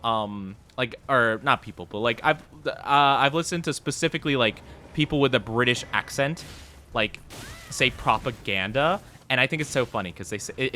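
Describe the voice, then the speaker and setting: A man's voice: mid-range voice, sharp tone. A young man streaming a video game, chatting casually with his viewers and teasing them in a playfully mock-indignant way.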